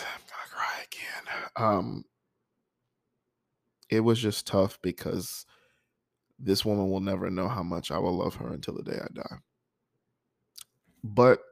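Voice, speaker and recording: A middle-aged man speaking candidly and emotionally about a poem he wrote, halting with sighs and pauses. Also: fairly low pitch, creaky, no room sound, clean studio sound. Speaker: poet. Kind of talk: personal reflective monologue.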